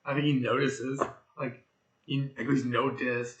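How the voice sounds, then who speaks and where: A raspy-voiced young man giving a casual, rambling tarot reading, musing aloud with plenty of fillers. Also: medium pitch, little pitch movement, measured pace, echoey room, highs cut off. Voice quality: raspy throat. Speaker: tarot reader.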